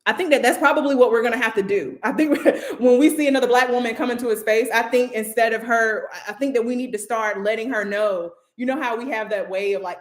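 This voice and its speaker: Moderating a laid-back livestream, this host talks in a loose, chatty way full of "like." Her voice is mid-range, and the sound is roomy.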